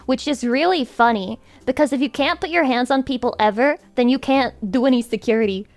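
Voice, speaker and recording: High-voiced woman streamer ranting playfully. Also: normal speed, hardly any pauses, soft background music. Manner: animated, swearing, ranting jokingly. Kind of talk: casual livestream chat.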